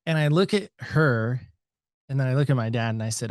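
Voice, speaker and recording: A middle-aged American man, a podcast guest, telling a personal story with animated reenacted dialogue and "so anyway" asides. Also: mid-range voice, a little fast, no room sound, clean studio sound. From United States.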